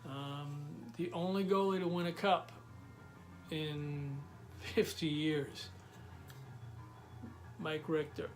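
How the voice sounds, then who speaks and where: New man, slightly high voice, eager and chatty, show-and-tell vlog with faint music underneath. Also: steady tone, slow pace, long pauses. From New York, USA. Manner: enthusiastic, chatty, with many fillers. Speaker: collector showing his items.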